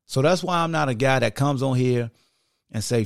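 A man hosts a sports podcast in an unscripted, casual monologue, drawling emphatic points with plenty of "like" and "y'all." His voice has a gravelly edge. He's recorded up close in a dead, dry room. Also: medium pitch, moderate pace, no echo. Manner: conversational, emphatic, heavy use of "like" and "y'all".

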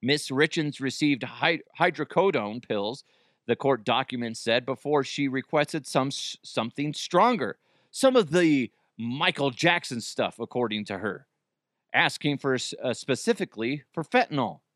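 A man's voice: mid-range voice, expressive, measured pace, fairly bright tone, no echo, clean studio sound. A man hosting a comedy podcast in casual chat, joking, swearing freely and laughing at his own bits. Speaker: podcast host.

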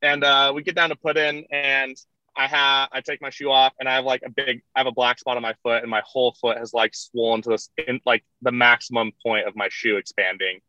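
A man's voice: mid-range voice, level tone, a little fast, bright, forceful tone, no echo. A young man telling a story in casual rambling style, full of "like" and laughing through his retellings. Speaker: podcast guest, kayaker. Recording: dull lo-fi dry sound.

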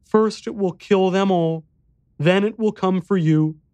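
A man's voice: high-pitched, a little slow, no echo, voice pushed up. A man voicing a small solemn boy. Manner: quiet, grave, matter-of-fact.

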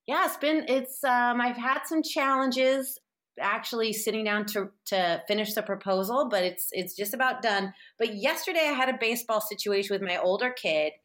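A woman in her forties from San Francisco with a slightly high voice tells a personal story as a podcast guest. She rambles openly, full of fillers and restarts, and her voice gets emotional at points. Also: normal speed, fairly bright tone. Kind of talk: candid conversational storytelling.

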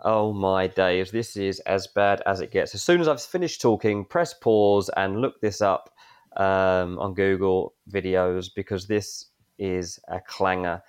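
A man co-hosting a football podcast, walking the listener through a match moment. His excitement builds as the story goes on. His voice sits a little on the low side. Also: a little slow, clean tone. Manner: lively, building excitement in telling.

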